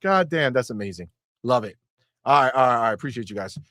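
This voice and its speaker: A man hosting a live gaming stream in a casual, animated and profane way, with mocking asides. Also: medium pitch, fast, no room sound, studio quality. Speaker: livestream host. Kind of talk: casual livestream talk.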